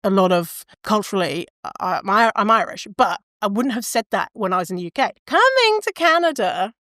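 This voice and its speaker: A woman's voice: mid-range voice, a little fast, a bit bright, dry recording, studio quality. A woman hosting a solo podcast, talking casually in long rambling tangents, cutting herself off mid-sentence and swearing now and then. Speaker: podcast host.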